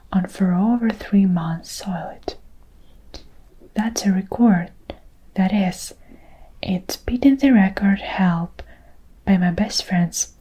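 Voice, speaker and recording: A woman's voice: medium pitch, mellow, husky, low-quality recording. A woman whispering the lines of a boastful, gum-chewing young girl in whispered role-play. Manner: bragging, chatty.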